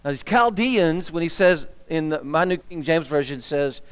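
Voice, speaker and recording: A man's voice: a little high, normal speed, smooth. A man teaching a Bible class as minister, quizzing the room and getting fired up as he talks. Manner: animated, asks the room questions, gets fired up. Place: church hall. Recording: long echo of a church hall.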